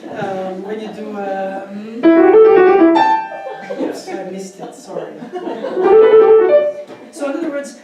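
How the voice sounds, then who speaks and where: A man giving a piano masterclass, animated and laughing as he counts beats aloud. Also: high voice, slow, long pauses. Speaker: piano teacher. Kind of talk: masterclass instruction. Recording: echoey hall from far off, piano. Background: piano playing.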